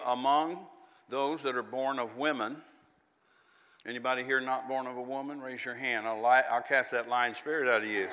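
A man's voice: medium pitch, sharp tone, big-room sound. A man preaching a sermon in a folksy, conversational way, with chatty asides and little laughs.

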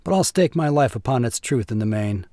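A man's voice: medium pitch, lively intonation, a little fast, dark tone, dry recording, clean studio sound, close to an everyday voice. A man voicing a gossiping army staff officer who speaks in a hesitant, confiding way. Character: gossiping middle-aged male staff officer.

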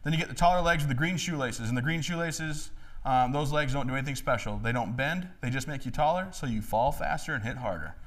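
A man in his thirties giving a joking, animated talk to a live audience in a hall. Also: mid-range voice, fast. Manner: joking, animated, acts out voices. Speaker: motivational speaker.

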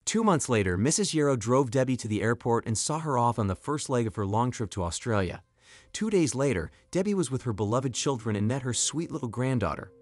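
A man giving scripted story narration in an even, clear delivery. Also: mid-range voice, a little fast, no echo.

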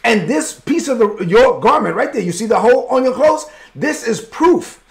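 A preacher acting out a bold young hero. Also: male voice, very high-pitched, expressive, moderate pace, pitched above the performer's own voice. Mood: bold, pleading. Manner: raised, insistent pleading. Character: bold young man confronting a king.

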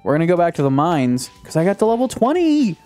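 A young man casually commenting on his own gameplay, excitable and chatty, talking to himself and to the game. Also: sits high, quick pace, faint music behind. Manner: excitable, talks to himself and the game, yelps at surprises. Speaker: gaming YouTuber. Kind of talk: casual let's-play commentary.

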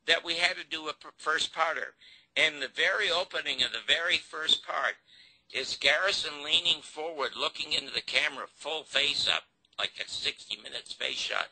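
An older man tells his story in an interview, his voice gravelly and husky. He brings a lot of feeling and acts out the dialogue he quotes. His tone is bright and cutting. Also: fairly high pitch, low-quality recording. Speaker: TV host and producer telling his story.

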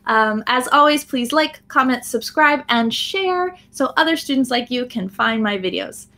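A woman's voice: high-pitched, lively intonation, measured pace, sharp tone. A woman with an American accent, explaining phrases in a live online English lesson, often checking in with "right?". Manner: frequent "um" fillers. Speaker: English teacher.

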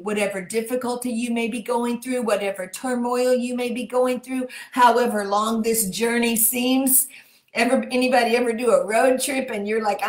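A woman with a Texan accent leading a livestreamed prayer, reading scripture fervently and slowing down to repeat key phrases. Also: on the high side. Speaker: prayer leader. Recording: echoey room.

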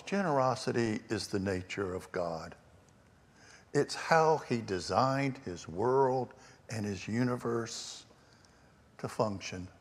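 A man preaching a storytelling sermon as pastor, with shifting emphasis and hushed asides. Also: fairly low pitch. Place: church sanctuary. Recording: long church reverb.

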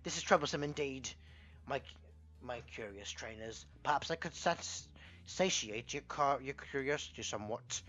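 A man's voice: medium pitch, moderate pace, a bit bright, lightly acted. A man reading out a pompous male villain's lines in a theatrical voice, stumbling over the words now and then. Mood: grandiose. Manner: theatrical, stumbling dramatic reading of game text. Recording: slightly muffled, game music behind.

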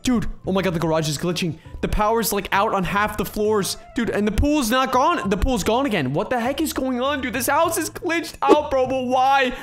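A young man with a high voice commentates his game role-play in a panicky, excitable rush. He shouts often and fills his talk with "bro" and "dude". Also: moderate pace, few pauses, soft background music. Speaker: gaming YouTuber.

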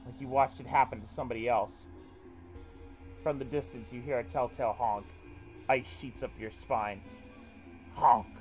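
Male streamer, game narration and blunt swearing reactions, mid voice, soft music bed. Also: medium pitch, fairly even intonation, moderate pace, long pauses. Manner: swears often, reacts aloud. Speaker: let's play streamer. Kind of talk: reading a visual novel aloud with commentary.

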